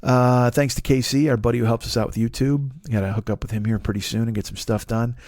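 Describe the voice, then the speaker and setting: A man's voice: mid-range voice, fairly even intonation, fast, a little mellow, no room sound, studio quality. A man in his forties, a comedian hosting his own show, ranting with heavy swearing and mocking voices. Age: 40s. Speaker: comedian podcast host. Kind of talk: profane comedic rant.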